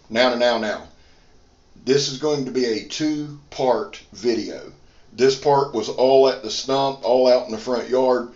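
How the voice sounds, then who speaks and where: A man hosting a casual knife review vlog, folksy and self-deprecating, swearing casually. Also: fairly low pitch. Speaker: knife reviewer and channel host. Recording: roomy, slightly muffled sound.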